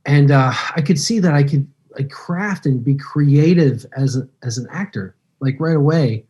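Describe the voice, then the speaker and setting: A man in his fifties, an actor being interviewed, telling stories in a relaxed, rambling way. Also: a little high, moderate pace, slightly rough, highs cut off. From United States. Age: 50s. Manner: relaxed, rambling, acts out quoted dialogue. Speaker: guest actor. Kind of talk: casual interview storytelling.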